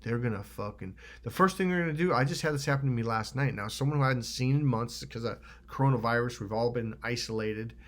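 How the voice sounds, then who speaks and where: A middle-aged man from Northern California giving a casual motivational monologue. He swears freely and is animated. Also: mid-range voice, quick pace, hardly any pauses. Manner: animated, swears freely, acts out other people's lines. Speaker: self-help vlogger.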